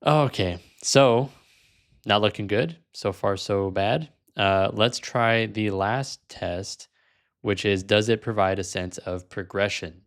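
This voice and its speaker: A man's voice: fairly low pitch, slow. A man hosting a language-learning video, talking casually and frankly, sometimes amused. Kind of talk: casual vlog commentary.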